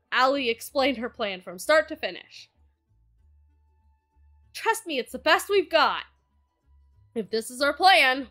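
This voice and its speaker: Bright, high, excitable woman streamer. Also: measured pace, long pauses, faint music behind. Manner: excitable, profane, reacts loudly. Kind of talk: game playthrough, reading dialogue aloud.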